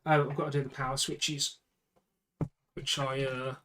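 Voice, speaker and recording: A man's voice: medium pitch, little pitch movement, measured pace, background noise. A man with a British accent chatting casually to himself and the camera while building a computer, with muttered asides. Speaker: PC builder vlogger.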